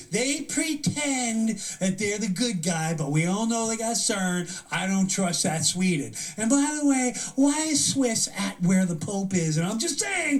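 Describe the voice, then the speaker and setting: A man's voice: sits high, recorded from a distance. A man hosting a live show, ranting comedically with incredulous disbelief and acting out mock conversations. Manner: incredulous, acts out mock dialogue in different voices. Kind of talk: animated comedic rant.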